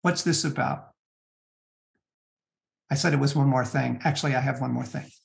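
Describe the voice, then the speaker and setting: A middle-aged man, an author giving an interview guest's earnest advice, talking in halting bursts with frequent restarts and fillers. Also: medium pitch, flat delivery, vocal fry. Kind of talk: conversational interview on spiritual practice.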